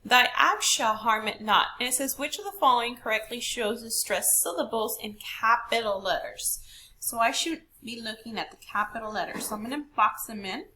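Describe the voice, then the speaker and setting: A woman teacher walking students through a poem, explaining slowly and stressing words to demonstrate. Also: a little high, bright, forceful tone, a little hiss or hum. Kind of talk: classroom lesson recorded for students.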